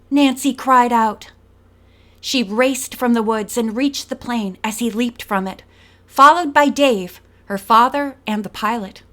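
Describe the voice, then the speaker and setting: A woman reads an audiobook mystery aloud in a higher voice. She takes a slow, deliberate pace, with dramatic storytelling. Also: pushed and bright. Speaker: audiobook narrator. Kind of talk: scripted narration.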